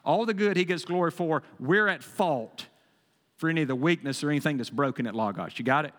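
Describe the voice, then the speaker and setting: A male pastor preaching a sermon, emphatic and folksy, swinging between loud bursts and quieter asides. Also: on the high side, animated, fairly quick. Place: church sanctuary. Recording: long hall reverb.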